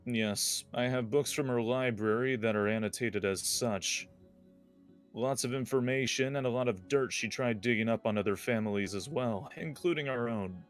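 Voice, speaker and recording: A man's voice: mid-range voice, normal speed, soft background music, natural voice. A player voicing his character, a formal and composed young male scholar of noble birth, in a tabletop game.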